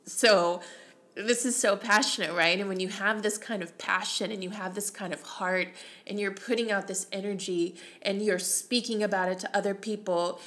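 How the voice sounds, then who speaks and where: A woman's voice: mid-range voice, fairly bright tone. A middle-aged woman, a mindset coach, talking earnestly and emotionally about self-talk in a motivational solo talk. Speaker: mindset coach for real estate agents.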